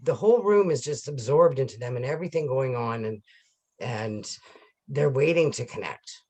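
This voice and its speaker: A man's voice: mid-range voice, animated, moderate pace, a little mellow. Enthusiastic, rambling man hosting an interview. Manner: enthusiastic, rambling, many restarts. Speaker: interview host. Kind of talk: casual video call interview. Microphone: video call.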